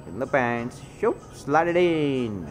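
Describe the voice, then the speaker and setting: Slow yet very animated, a man with a medium-pitched voice works as a store cashier and delivers indignant, heated commentary over security video, name-calling as he goes. Soft music sits in the background.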